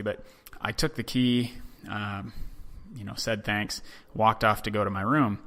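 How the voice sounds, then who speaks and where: A man hosting a podcast, telling a story in a relaxed, chatty monologue full of "um" and "you know". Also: fairly low pitch. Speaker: podcast host.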